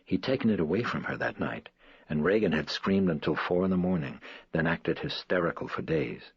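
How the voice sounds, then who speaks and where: A man narrating a horror audiobook in a measured, somber manner. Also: low-pitched, lively intonation, slightly rough, no echo. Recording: dry, slightly dull lo-fi recording.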